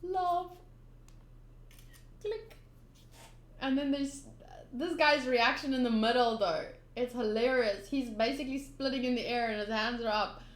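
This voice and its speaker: A woman's voice: fairly high pitch, fairly even intonation, moderate pace. A woman hosting a manga readthrough, chatting in giggly asides between reading lines aloud. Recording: roomy echo.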